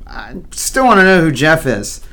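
A man's voice: on the high side, big pitch swings, normal speed, fairly bright tone. A man voicing an eager, naive sixth-grade boy in a storybook, talking earnestly and wonderingly to himself. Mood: pleased. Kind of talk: storybook character voice.

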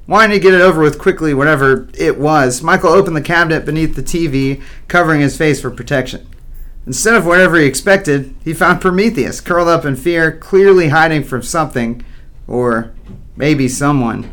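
A man's voice: on the high side, brisk, a bit bright. A man narrating a children's story playfully, with wry asides to the listener.

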